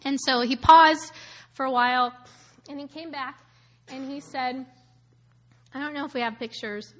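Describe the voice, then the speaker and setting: Her voice is high, light and bright, and she talks a little slowly as she loosely recounts a personal testimony in her thirties. Animated throughout, she laughs a lot, leans on fillers like "um" and "like", and performs the voices of those she met.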